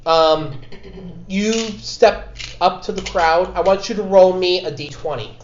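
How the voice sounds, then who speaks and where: Echoey game master narrating a session. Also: male voice, high voice, a little hiss or hum. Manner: halting, self-correcting narration with voiced characters. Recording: dull, echoey room.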